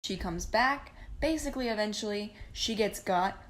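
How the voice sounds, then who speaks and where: A woman's voice: medium pitch, lively intonation, moderate pace, fairly bright tone. A young woman recapping a movie casually, sarcastic, profane and rambling. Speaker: vlogger.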